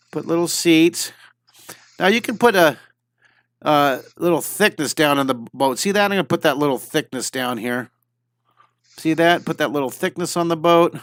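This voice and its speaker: A man's voice: a little high, a bit bright, no room sound. A middle-aged man teaching a live drawing lesson, chatty and enthusiastic, talking through every step as he draws.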